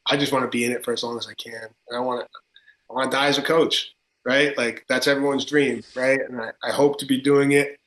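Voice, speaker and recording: Energetic coach with a tri-state accent. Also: male voice, mid-range voice, brisk. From Connecticut. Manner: energetic, emphatic, many filler words. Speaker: football coach. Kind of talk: podcast interview. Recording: roomy echo.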